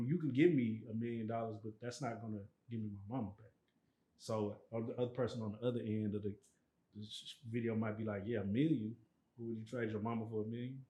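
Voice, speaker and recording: A man hosting a casual interview, asking relaxed, halting questions full of fillers. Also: medium pitch. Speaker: podcast host. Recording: roomy echo.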